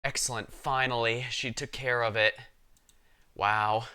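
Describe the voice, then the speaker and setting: Bright-voiced man musing over a game. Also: mid-range voice, measured pace, clean tone, faint music behind. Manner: thinks aloud in a relaxed, musing way. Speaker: streamer. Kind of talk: live gameplay commentary.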